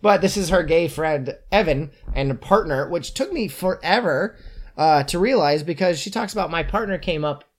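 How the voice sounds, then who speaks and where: A podcast host chatting casually as he recaps a book, animated and joking with quick asides. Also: fairly high pitch.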